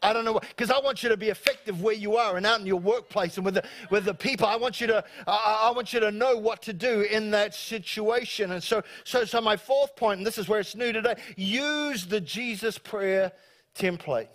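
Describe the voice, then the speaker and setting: A man with a New Zealand accent preaching a lively sermon to his church, joking and acting out voices. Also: sits high, a little fast. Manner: animated, joking, acts out quoted voices. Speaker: pastor. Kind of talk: live sermon. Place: church service before a congregation.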